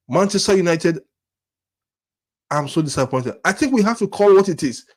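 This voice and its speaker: Angry and disappointed, this football fan channel host rants to camera in a high, expressive, slightly mellow voice, talking fast. He's exasperated, stammering through restarts and repetitions while throwing out rhetorical questions.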